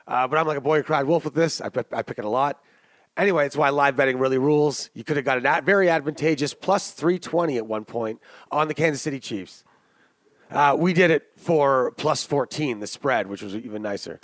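Guy co-hosting a betting pod, swears a lot, gets worked up, slightly high voice, dry mic. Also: a little fast, no room sound. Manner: profane, animated ranting. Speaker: podcast co-host. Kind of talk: casual sports betting chat.

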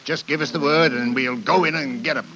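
A man's voice: mid-range voice, fairly even intonation, brisk, over music, natural voice. A man playing an eager police inspector. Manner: eager and deferential. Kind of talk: 1940s radio drama acting. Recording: dull old radio broadcast.

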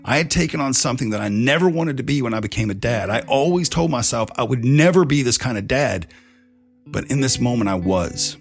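A man's voice: expressive, brisk. A man candidly telling a personal story as a father, frank and profane, swearing freely as he confesses. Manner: grows louder and tense in the angry stretch, then drops low and quiet. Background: faint guitar music.

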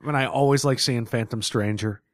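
A man co-hosting a casual comic book review chat, talking in an animated way and laughing readily. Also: mid-range voice, a little fast, dry recording, studio quality.

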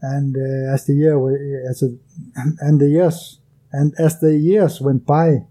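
A man's voice: a little high, flat delivery, slow, warm tone. A man from Denmark with a Danish accent, speaking English as a second language as an interview guest, hesitant and careful with many fillers. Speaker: guest, bow hunter. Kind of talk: casual interview.

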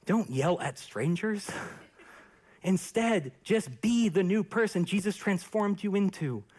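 A young pastor preaches an earnest sermon. His voice sits a little high and has a husky edge. He swings from fervent peaks to near-whispered, hushed stretches. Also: lively intonation, a little slow. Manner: earnest and impassioned, with hushed quiet passages.

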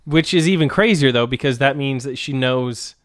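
Smooth-voiced man in casual banter. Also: mid-range voice, normal speed, dry recording, clean studio sound. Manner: laid-back, chimes in with jokes. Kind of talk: casual chat.

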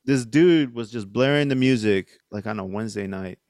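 A man's voice: fairly low pitch, normal speed, a little mellow, no echo, clean studio sound. Rambling, profane male storyteller. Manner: rambling, profane, lots of fillers. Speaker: podcast guest. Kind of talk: casual storytelling.

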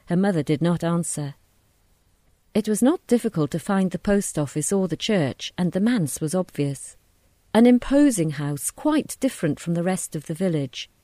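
A woman's voice: medium pitch, warm tone, no echo, clean studio sound. Woman narrating a short story. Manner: measured, descriptive.

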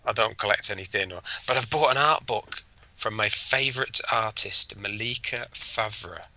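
Bright-voiced, easygoing podcast man. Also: lowish voice, moderate pace, dry recording, low-quality recording. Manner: easygoing, enthusiastic, laughs often. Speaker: podcast co-host. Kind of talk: casual chat.

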